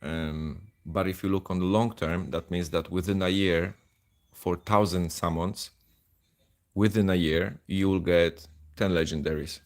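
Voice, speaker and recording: A man's voice: deep voice, fairly even intonation, unhurried, a little mellow. A man from Poland chatting casually and self-deprecatingly as he streams live gameplay of a mobile game.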